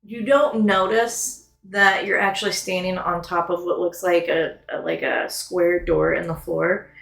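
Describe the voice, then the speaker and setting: A woman's voice: on the low side, flat delivery, unhurried, gravelly, a bit bright, echoey room. A woman narrating a tabletop game as game master, rambling with many fillers.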